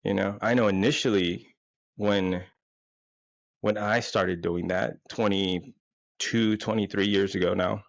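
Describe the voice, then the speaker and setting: A man's voice: on the low side, steady tone, slow pace, gravelly, no echo, lo-fi sound. A man in his forties, hosting with a crude, rambling, self-mocking comedic monologue. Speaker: podcast host.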